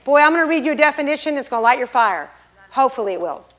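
High-voiced woman preaching with hushed swings. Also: animated, rapid-fire. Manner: swings from hushed, near-whispered intimacy to loud exclamation; emphatic, expository. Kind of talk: sermon testimony.

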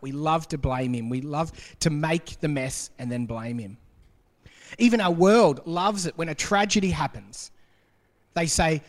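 A man preaching a sermon as pastor, acting out quoted voices and dropping to a hush for emphasis. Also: fairly high pitch, measured pace. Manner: animated, acts out quoted voices, drops to quiet for emphasis. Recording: long hall reverb.

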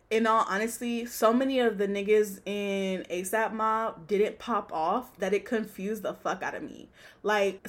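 A young woman hosting a podcast, blunt and profane, ranting about pop culture and laughing often. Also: medium pitch. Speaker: podcast host. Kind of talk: casual pop-culture commentary.

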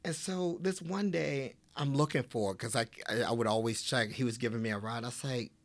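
A man in his forties, a podcast guest, telling personal stories in casual conversation and acting out the dialogue with lively fillers. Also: mid-range voice, brisk. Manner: animated, acts out quoted dialogue with fillers.

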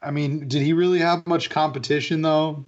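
A man's voice: fairly high pitch, steady tone, normal speed. Wry guy ribbing his friends at a d&d table, mid voice, muffled sound. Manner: teasing, wry. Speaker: player. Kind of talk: casual game-night banter.

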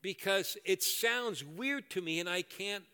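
An older man preaching a sermon and leading prayer in a church, animated and joking at his own expense. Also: high-pitched, unhurried, clear, resonant tone. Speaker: pastor. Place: church hall. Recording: echoey hall reverb.

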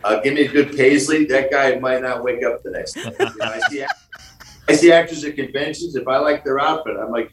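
A man's voice: mid-range voice, normal speed, reverberant, noisy background. Michigan guy guesting on a podcast, joking around, acting out quotes, kinda far off the mic. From Michigan, USA. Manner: jokey storyteller, plays out quoted lines. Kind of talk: podcast interview.

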